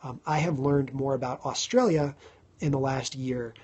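A man around thirty hosting a casual live stream, chatting to viewers, thanking them by name and filling pauses with ums. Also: medium pitch, steady tone, a little mellow, slightly rough. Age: 30s.

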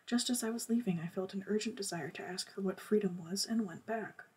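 A woman reading a novel aloud for her book channel, in a soft, partly whispered voice. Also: medium pitch, a little fast, husky, distant mic.

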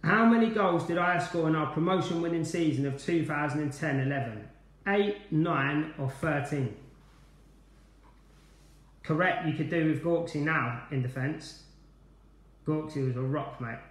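A cheerful man runs a quiz over a live stream, chatting and calling out viewers' names between questions. His voice sits a bit high for a man. The room around him is echoey. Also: a little slow, long pauses. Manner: chatty, upbeat, greeting viewers by name. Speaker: quiz host, former player.

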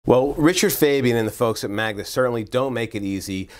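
Upbeat guy hosting a studio interview, medium voice, chatty questions. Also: brisk. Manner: upbeat, pitch climbs high on the closing phone-number plug. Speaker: interview host.

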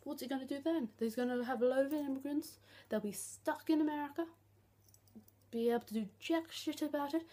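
A woman's voice: sits high, brisk, mellow. A young woman, ranting bluntly and sarcastically in a vlog, swearing freely. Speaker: vlogger.

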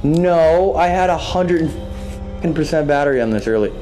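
A man investigating a dark old hospital at night, talking casually and excitedly with his partner and swearing now and then. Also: a little high, normal speed, over music, poor audio. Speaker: paranormal investigator. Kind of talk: casual ghost-hunting vlog.

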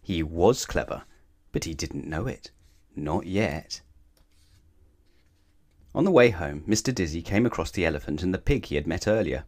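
A man reading a children's storybook aloud in an expressive, sing-song way. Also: low voice.

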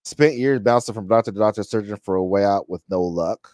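Deep-voiced man reacting casually. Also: fairly quick, a little mellow. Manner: thinking aloud, repeats words while searching for them; addresses the viewers directly. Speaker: reaction channel host.

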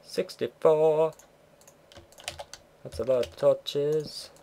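A man's voice: lowish voice, normal speed, a little hiss or hum. Chatty teen boy narrating his game. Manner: rambling, chatty, swears offhand. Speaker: gameplay commentator. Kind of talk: casual let's play commentary.

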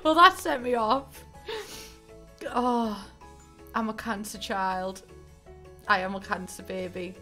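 Woman, tearful, self-mocking, rambling, crisp bright tone, faint background music. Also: medium pitch, steady tone, a little slow. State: tearful, emotional. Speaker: streamer. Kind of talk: casual end-of-stream chat. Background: soft game music.

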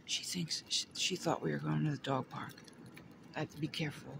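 A man's voice: a little high, fairly even intonation, fairly quick, gravelly. A man from Florida chatting casually to the camera while riding through his neighborhood streets. He giggles often and keeps talking to his dog along the way. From Florida, USA. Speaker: artist vlogger. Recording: loud outdoor noise and traffic. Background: outdoor ambience, vehicles, birds.

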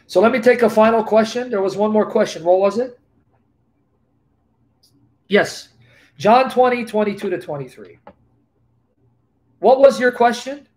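A man's voice: high-pitched, measured pace, pauses often, darkish tone. A man teaching the Bible during a live question session on a video call, preaching emphatically and repeating verse references. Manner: emphatic, repetitive, reads scripture aloud.

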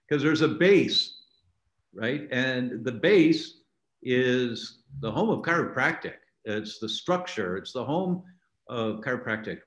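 An older man, a doctor and author, telling stories in a relaxed interview and acting out the lines he quotes. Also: lowish voice. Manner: animated storyteller, acts out quoted lines. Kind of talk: conversational interview storytelling. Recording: echoey room.

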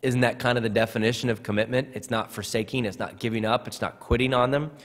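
A man's voice: mid-range voice, fairly even intonation, fast talker. A man preaching a sermon as pastor, earnest, often repeating words as he starts a phrase. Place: church sanctuary. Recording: church hall reverb.

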